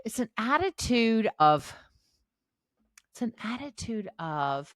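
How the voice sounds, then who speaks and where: A middle-aged woman giving encouraging parenting advice in a casual podcast, acting out quoted voices with animated shifts. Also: mid-range voice, takes it slowly, no room sound. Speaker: podcast host, parenting educator.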